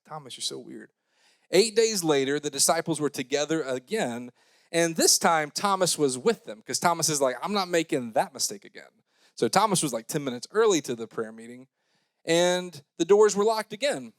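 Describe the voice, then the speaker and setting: A young man giving a youth sermon, joking and talking casually, switching between loud scripture reading and quiet mumbled asides. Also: medium pitch, moderate pace, no echo. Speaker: youth pastor.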